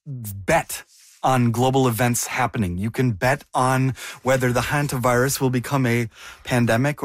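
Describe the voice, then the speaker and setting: A man's voice: medium pitch, no room sound. Man asking questions in dry sound. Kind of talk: conversational discussion.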